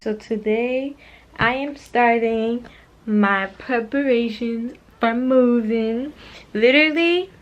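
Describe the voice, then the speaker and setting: A woman's voice: fairly high pitch, takes it slowly, highs cut off, background noise. A young adult woman chatting casually to her viewers in a vlog, rambling and addressing them as y'all, from her bedroom. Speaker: vlogger.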